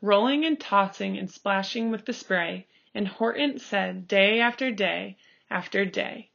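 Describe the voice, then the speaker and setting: A woman reading a picture book aloud, slow and expressive, calling out the page turns. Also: mid-range voice, creaky. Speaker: storybook reader. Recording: dull lo-fi recording.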